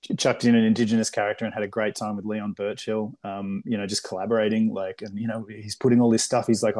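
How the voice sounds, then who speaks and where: A man with an Australian accent, a film director telling lively stories in a casual interview and acting out other people's voices. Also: lowish voice, quick pace. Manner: animated storyteller, acts out voices, many fillers.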